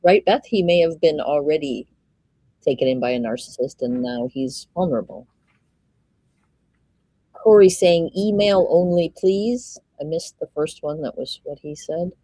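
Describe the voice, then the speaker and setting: A woman with a low, mellow voice giving casual live commentary as a livestream host. She reads messages aloud and drops in quick asides of her own. The sound is close and dry, with no room around it. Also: slightly rough, no room sound, poor audio.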